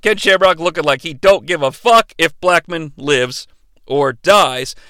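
A man's voice: on the high side, a little slow, pushed and bright, smooth, dry recording. A man hosting a podcast who recaps old wrestling matches in a casual, profane and sarcastic way. He speaks into a close studio mic. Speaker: podcast host.

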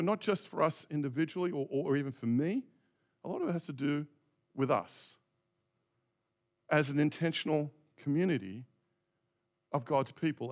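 Reflective pastor preaching a conversational sermon. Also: male voice, a little high, a bit bright. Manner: reflective, conversational preaching with direct questions to the congregation.

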